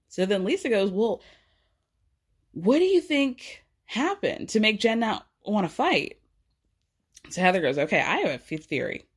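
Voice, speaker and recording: Woman gossiping thru a reality tv recap, chatty, does the voices. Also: medium pitch. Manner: chatty, acts out quotes in a raised voice. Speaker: recap podcaster.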